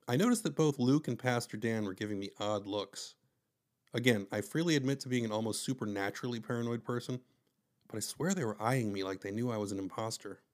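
A man narrating a first-person story with wry, conversational asides. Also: lowish voice.

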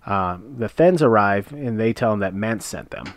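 A man's voice: lowish voice, lively intonation, moderate pace. A man casually recapping a TV episode, retelling scenes step by step with frequent uhs. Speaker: podcast co-host recapping a TV episode. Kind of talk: casual chat.

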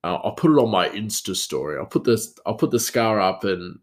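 A man with a slightly low voice tells a story from his own life. He rambles along casually, circling back with fillers and restarts. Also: lively intonation, fairly quick.

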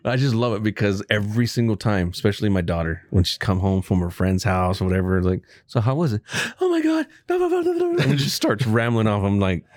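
A man's voice: fairly low pitch, fast talker, hardly any pauses, a little mellow, no echo, clean studio sound. A man co-hosting a casual podcast, teasing his partner and telling stories about his kids. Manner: teasing, laughing. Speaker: podcast co-host. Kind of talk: casual chat.

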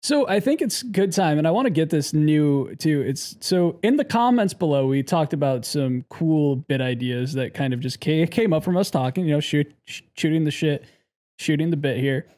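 A man's voice: fairly high pitch, lively intonation, normal speed, mellow. A man co-hosting a comedy podcast, chatting casually and rambling with self-mocking asides. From Italian heritage, USA. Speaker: podcast co-host.

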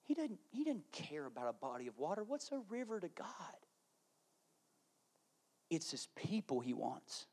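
A man's voice: fairly high pitch, huge pitch swings, moderate pace, pauses often, darkish tone, slightly rough. A man preaching a sermon, acting out voices and repeating phrases for effect. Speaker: pastor. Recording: faint music behind.

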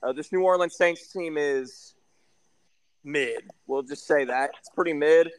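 A man's voice: on the high side, unhurried, clean tone, no room sound, low-quality recording. A man co-hosting a casual sports podcast from a backyard, bluntly breaking down team records and stats. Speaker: podcast co-host. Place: backyard, outdoors.

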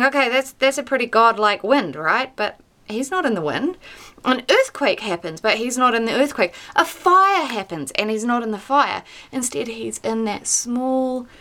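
A woman talks through a devotional podcast in a plain, conversational way. She is earnest and direct, stressing points firmly before softening into quiet, gentle phrases. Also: a little high. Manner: earnest, conversational, swings from emphatic to soft and quiet. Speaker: podcast host teaching on the Bible.

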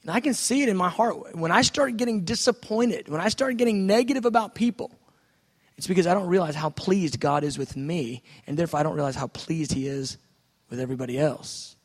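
A man preaching a sermon, moving between quiet reflective speech and loud, excited outbursts as he acts out prayers. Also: high-pitched, a little fast, in a large hall. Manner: swings from soft musing to loud excited outbursts.

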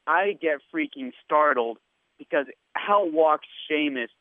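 A man who is a radio sports host, excitedly telling an anecdote and acting out the quoted lines. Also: fairly high pitch, measured pace, dry recording. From India. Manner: animated anecdote teller, acts out quoted lines. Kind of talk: casual storytelling. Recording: tinny phone-like line.

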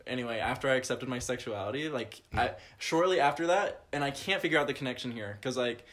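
A man's voice: medium pitch, fast, a bit bright. A young man co-hosting a podcast, speaking casually and hesitantly with many fillers. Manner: hesitant, lots of fillers and restarts. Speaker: podcast co-host. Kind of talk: casual chat.

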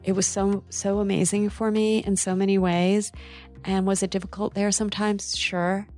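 A middle-aged woman, both textile designer and author, tells an interviewer a personal story in a spirited, open way peppered with quick asides. Her voice sits at medium pitch, and soft music plays underneath.

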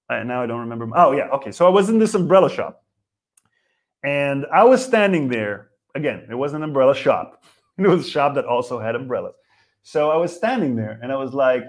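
Animated rambling comedian man. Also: medium pitch, brisk. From Israel. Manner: rambling, profane, self-interrupting rant. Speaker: comedian host. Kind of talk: live comedy rant.

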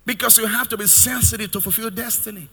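Male preacher, high bright tone, sermon delivery in a reverberant church hall. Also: steady tone, fast, breathy edge. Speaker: pastor.

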